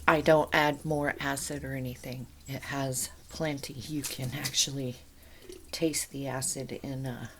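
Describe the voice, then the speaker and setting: A woman's voice: very deep voice, level tone, a little slow, fairly bright tone, slight background noise. A woman chatting casually in her home kitchen as she shows a canning task, rambling into asides as she works.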